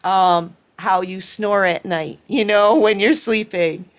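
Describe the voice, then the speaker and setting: A woman's voice: medium pitch, steady tone, slow. A woman giving a collective tarot reading, speaking with emotion and sometimes acting out what others said. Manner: emotional, acts out quoted pleas. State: tearful at times. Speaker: tarot reader.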